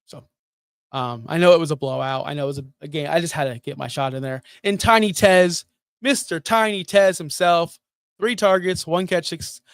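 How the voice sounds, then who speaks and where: A middle-aged man hosting a fantasy football show, talking in animated, sarcastic, jokey rants. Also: on the high side, normal speed, smooth, dry recording. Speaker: fantasy football podcast host. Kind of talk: casual sports talk.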